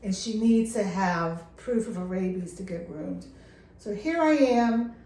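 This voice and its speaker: A woman's voice: medium pitch, measured pace, dark tone, reverberant. Earnest, impassioned middle-aged woman. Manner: earnest and impassioned, stressing words. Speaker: dog care vlogger. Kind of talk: casual talk to camera. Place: lake house, indoors.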